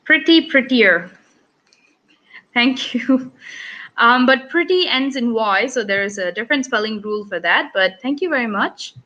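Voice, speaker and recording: A woman's voice: a little high, expressive, a little slow, sharp tone, muffled recording. A woman with a Malaysian English accent teaching an online English lesson for children, upbeat and encouraging as she reads out comments.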